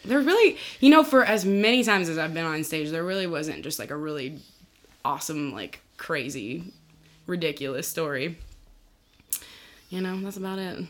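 A woman's voice: low-pitched, expressive, moderate pace. A young adult woman, a singer, chatting as a podcast guest, giggly and saying "like" a lot. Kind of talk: casual chat.

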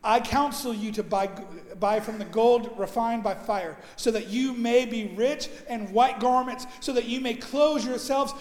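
A male pastor delivering a sermon with emphatic preaching, his voice hoarse from overuse, swinging between loud and soft and slowing down to stress his points. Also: very high voice, fairly even intonation. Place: church sanctuary. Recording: echoey church hall.

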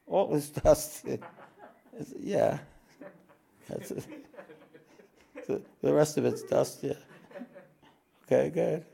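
Gravelly-voiced man giving a spiritual talk. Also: fairly high pitch, warm tone. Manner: unhurried, repeats phrases, clears throat often. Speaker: spiritual teacher.

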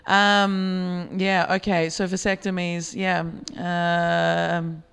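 A woman with a soft Australian accent, hosting a casual comedy podcast chat, laughing often and swearing freely. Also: on the low side, little pitch movement, extremely slow, vocal fry, smooth, in a large hall. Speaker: podcast host.

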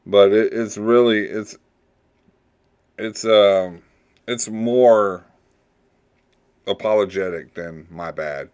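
Slow, low-voiced male podcast host. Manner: rambling, with sudden loud playful slang voices. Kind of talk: casual podcast monologue.

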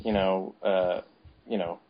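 A man's voice: low-pitched, fairly even intonation, takes it slowly, lo-fi sound. A man co-hosting a podcast, chatting casually and tossing in jokey asides. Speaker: podcast co-host. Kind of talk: casual chat.

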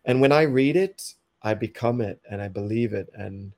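A man's voice: lowish voice, normal speed, a little mellow, no room sound, clean studio sound. A man, a poet, reading his rhyming verse in a rhythmic, accented delivery, then chatting casually as a podcast guest.

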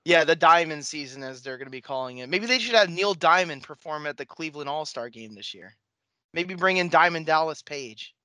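A man's voice: a little high, animated, fairly quick, bright, forceful tone, no echo. A man co-hosting a sports podcast in casual chat, joking and rambling as he corrects himself along the way. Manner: jokey, rambling, self-correcting. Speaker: podcast co-host.

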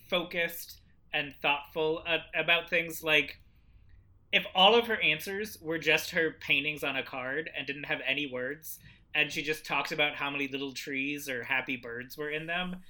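An opinionated male co-host lays out a measured critique in casual chat. His voice is strikingly bright and tense, pitched a little higher than average. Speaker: podcast co-host.

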